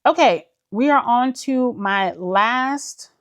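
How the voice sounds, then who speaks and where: Speaking slowly but animatedly in a voice on the high side, a woman chats casually about books for her viewers, whom she calls "y'all." She's enthusiastic and packs in fillers such as "like."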